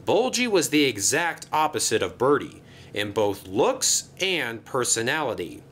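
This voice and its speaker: A man reads a children's railway story aloud. His mid-pitched voice rises and falls in a lively way, and there is a faint rumbling noise behind him. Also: a little slow. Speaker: narrator. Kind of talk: storybook narration.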